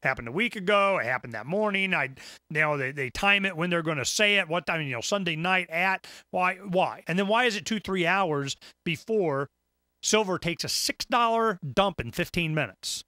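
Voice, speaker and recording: A man's voice: high-pitched, expressive, normal speed, bright, forceful tone, dry recording, studio quality. A man hosting a talk radio show, ranting in an emphatic, rambling way with stammered restarts. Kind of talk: casual talk radio rant.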